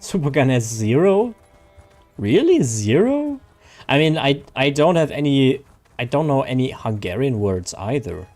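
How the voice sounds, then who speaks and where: A man's voice: medium pitch, expressive, moderate pace, darkish tone, faint music behind. A man, chatting casually and rambling to viewers while he streams a game. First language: German. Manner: rambling, chatty, reads viewer names aloud.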